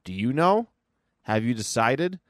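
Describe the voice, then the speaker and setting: A man reading the lines of a mysterious male spirit eye from a comic, posing slow, teasing riddles. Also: medium pitch, big pitch swings, no echo, studio quality. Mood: riddling.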